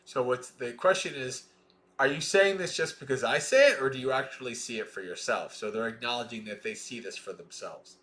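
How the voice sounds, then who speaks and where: A man reading a Buddhist scripture aloud in a slow, measured way, with plain explaining asides between passages. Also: medium pitch, a bit bright. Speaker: Dhamma reader.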